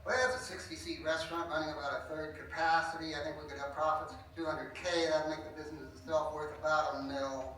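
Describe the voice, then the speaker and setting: An actor playing a blunt, confident, wealthy investor. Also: male voice, fairly high pitch, little pitch movement, fast talker, few pauses, pushed and bright, a little hiss or hum. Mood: brusque. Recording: distant echoey room.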